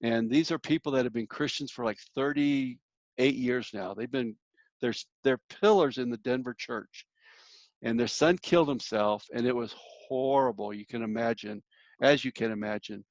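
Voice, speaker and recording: A man's voice: mid-range voice, normal speed, no echo, dull audio. A man giving a church workshop talk on grief, telling a personal story in an earnest way and speaking directly to his listeners.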